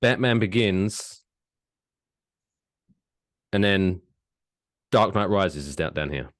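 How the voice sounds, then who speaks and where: A man from England co-hosting a podcast, talking in casual banter with animated, drawn-out emphasis and frequent self-corrections. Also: low-pitched. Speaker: podcast co-host.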